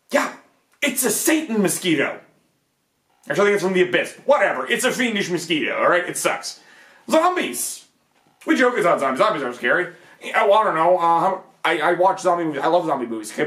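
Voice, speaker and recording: Animated man ranting with rhetorical asides. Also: a little high, roomy sound. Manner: animated, rhetorical questions, frequent "okay?" asides. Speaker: video essay host. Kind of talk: casual monologue on fantasy gaming.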